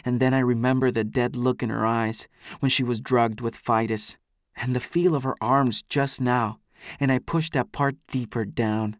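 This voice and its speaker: A man narrating a first-person novel in a steady, measured way. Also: mid-range voice, no echo, studio quality. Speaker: audiobook narrator.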